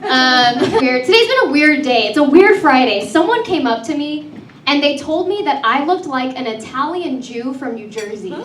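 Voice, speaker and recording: Chatty high-voiced woman doing stand-up. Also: expressive, moderate pace, roomy sound, recorded from a distance, very noisy. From Texas. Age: 30s. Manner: chatty, self-mocking, teases the crowd. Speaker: comedy host. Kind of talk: stand-up comedy set. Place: comedy club show.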